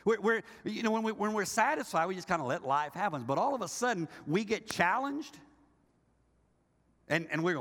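An older male pastor delivers an animated sermon, slipping into quoted voices and teasing his congregation. His fairly high voice rises and falls widely. The sound carries the long reverb of a large hall. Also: normal speed.

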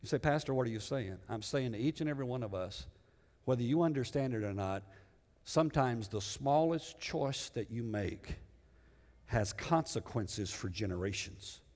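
A male pastor preaching a sermon with dramatic swings between loud emphasis and hushed lows. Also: animated, normal speed. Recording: long hall reverb.

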